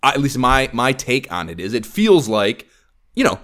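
A man rambles through a casual podcast chat about games. His pitch rises and falls a lot. He swears constantly and packs his talk with fillers. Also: very animated, moderate pace, fairly bright tone. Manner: rambling, profane, filler-heavy. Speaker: podcast co-host.

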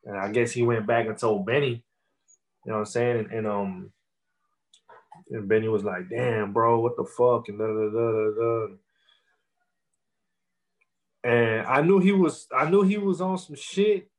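A man's voice: medium pitch, measured pace, long pauses, poor audio. A young man, a rapper, telling his story in a casual interview in loose street slang full of fillers.

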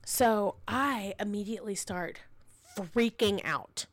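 A woman in her thirties, a podcast host and mother, telling a story in a casual, animated and dramatic way. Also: mid-range voice, takes it slowly, no echo.

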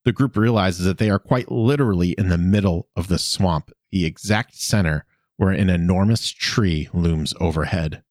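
A man's voice: sits low, moderate pace, a little mellow, no room sound, studio quality. A man co-hosting a podcast, casually recapping episodes with playful asides. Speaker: podcast co-host.

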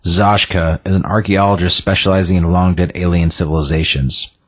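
A man voicing a smooth, scheming male spymaster, reading the lines slowly in his low, husky voice. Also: fairly even intonation. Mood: smug.

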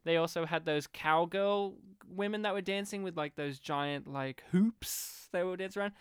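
A man with a high, smooth voice hosts a casual chat about a movie. He talks in an animated way and slips into quick impressions of the lines he quotes. The sound is dry and close. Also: dry recording. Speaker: podcast host. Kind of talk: casual film discussion.

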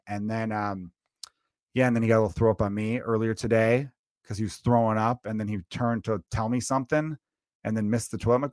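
A man in his thirties hosting a solo comedy podcast, ranting in a casual, animated way, dropping swear words. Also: mid-range voice, no room sound, clean studio sound. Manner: conversational and animated, swearing, acting out quotes. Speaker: podcast host.

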